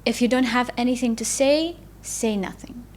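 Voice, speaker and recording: A woman hosting a podcast interview, speaking earnestly and haltingly, with non-native phrasing. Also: a little high. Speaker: podcast host. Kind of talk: interview conversation.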